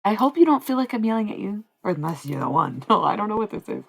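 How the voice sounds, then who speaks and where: A woman's voice: mid-range voice, sing-song, fast, gravelly, few pauses, husky, low-quality recording. A young woman livestreaming, chatting loosely with her viewers and drifting from point to point as she goes. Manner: rambling and easily sidetracked, talking to chat. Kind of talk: casual livestream chat.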